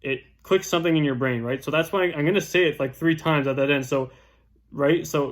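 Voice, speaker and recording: A young real estate agent with a highish voice talks a little fast, casually teaching door-knocking scripts in a chatty way. Nearly every point ends with "right?"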